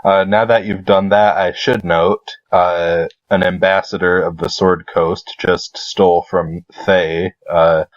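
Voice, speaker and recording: Low-voiced man running a tabletop game. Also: no room sound. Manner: relaxed, unhurried, with frequent "uh"s and "all right"s. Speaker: dungeon master. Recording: dull lo-fi sound.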